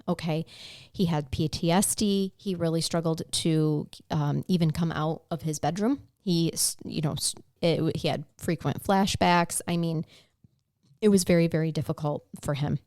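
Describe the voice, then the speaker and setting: A woman's voice: sits low, warm tone, no echo, studio quality. A woman co-hosting a casual true-crime podcast, telling a case in a conversational way and getting emotional at times. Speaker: podcast co-host.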